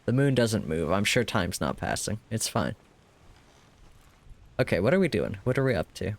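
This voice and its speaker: A man's voice: on the low side, big pitch swings, moderate pace, creaky. A man casually commenting on a game during a live stream, joking wryly, swearing freely and talking back to the characters.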